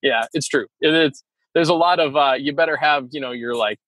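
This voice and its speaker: A man co-hosting a podcast in casual chat, animated and laughing often. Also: a little high, brisk, no room sound, poor audio. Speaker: podcast co-host.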